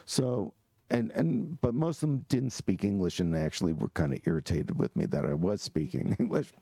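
A man, an author, telling lively anecdotes in a book talk, often restarting and laughing. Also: medium pitch, moderate pace, gravelly, husky, no room sound. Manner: animated storyteller with frequent restarts and laughs.

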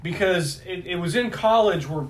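A man's voice: high voice, normal speed, a little hiss or hum. A man in his forties in casual chat, rambling and correcting himself as he goes, swearing freely.

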